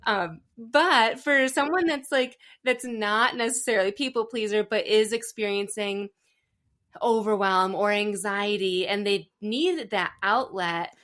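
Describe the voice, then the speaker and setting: A young woman hosts a relaxed podcast conversation at an ordinary pitch. She tells stories in a chatty, easygoing way, full of small asides. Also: a little slow. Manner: chatty storyteller, acts out quotes. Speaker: podcast host. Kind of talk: casual interview chat.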